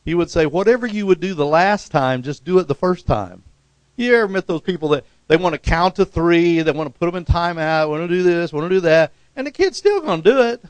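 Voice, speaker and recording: A middle-aged pastor delivers an animated sermon, fairly quick, bursting into loud, high-pitched tones when acting out quotes. There's no echo on the recording.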